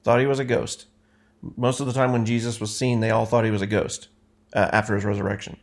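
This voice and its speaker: A man's voice: on the low side, flat delivery, fast talker. Man teaching a casual Bible study. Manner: conversational, self-correcting, explains as he reads.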